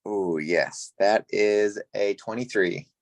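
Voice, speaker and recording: A man playing in a tabletop game, talking in an unhurried, hesitant way with fillers. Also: fairly low pitch, no echo. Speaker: player. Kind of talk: casual tabletop play.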